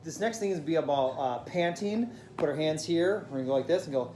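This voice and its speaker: A man teaching a vocal warm-up lesson, explaining breathing and demonstrating humming exercises with a piano. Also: a little high, expressive, a little fast. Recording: echoey room with piano.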